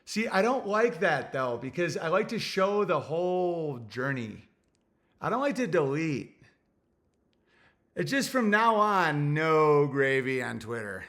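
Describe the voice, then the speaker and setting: A young man hosts his own livestream, rambling crudely as he thinks out loud and reads viewer messages. His voice sits a little high for a man, with a sharp, bright edge to it. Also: very animated, slow pace. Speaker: livestream host reading super chats. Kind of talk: casual livestream rant.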